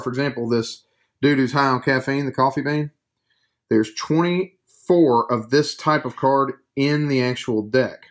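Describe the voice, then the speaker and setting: A man hosting a casual board game review, joking around while he explains the rules step by step. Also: medium pitch.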